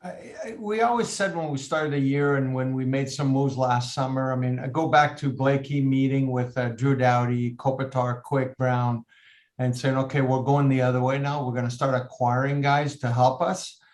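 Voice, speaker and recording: A man in his fifties answering interview questions as a team president, earnest and measured, with halting restarts. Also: mid-range voice, steady tone, darkish tone. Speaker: team president, podcast guest.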